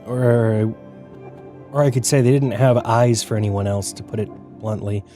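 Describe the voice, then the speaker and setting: A man voicing a soft-spoken café owner. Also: mid-range voice, fairly even intonation, a little slow, faint music behind, lightly acted. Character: calm male coffee shop owner, quiet and content.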